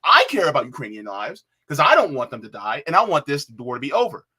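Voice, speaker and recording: A man's voice: on the high side, fast talker, breathy edge. A man on a political panel, talking heatedly and repeating himself, calling people bruh. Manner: animated, repeats himself, says bruh, mimics others in quotes.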